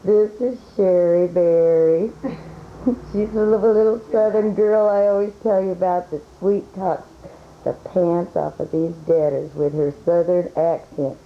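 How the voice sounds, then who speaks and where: A middle-aged mother who chats and laughs often as she introduces her coworkers to her children on video. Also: fairly low pitch. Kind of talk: home video message. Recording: dull home camcorder sound.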